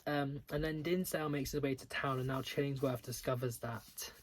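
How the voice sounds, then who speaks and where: A man's voice: mid-range voice, steady tone, normal speed, a little hiss or hum. A young man reviewing books in a casual video, full of filler words and restarts, with exasperated, dramatic outbursts. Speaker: book reviewer.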